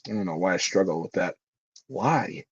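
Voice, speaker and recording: A man hosts a manga reaction stream, musing aloud with giggly asides in a husky voice. His pitch jumps around animatedly while his pace stays slow. The mic sounds dry and dull. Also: animated, dry recording. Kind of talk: live manga reading and commentary.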